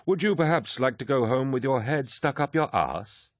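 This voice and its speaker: A man with a medium-pitched, animated voice speaks at a moderate pace, pushing it up a bit while staying close to his everyday tone. He plays an insolent, mocking warrior captain who barks orders. The recording is dry and studio quality.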